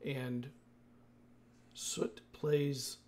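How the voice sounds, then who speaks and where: A man's voice: medium pitch, little pitch movement, drawn-out words, a little mellow, slight background noise. A man acting as game master, recapping the last session of a tabletop game in a loose, chatty way that often corrects itself.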